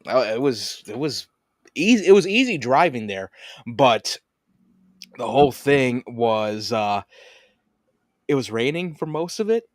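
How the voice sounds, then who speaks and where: A man hosting a podcast in casual chat, an animated storyteller who swears and laughs often. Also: medium pitch, unhurried, pauses often, dry recording, studio quality. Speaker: podcast host.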